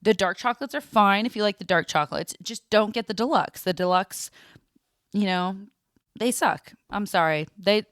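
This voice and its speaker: A young woman co-hosts a podcast, chatting and rambling casually while laughing a lot. Her voice is mid-range and a bit bright, at a moderate pace. The studio recording is clean, with no room sound.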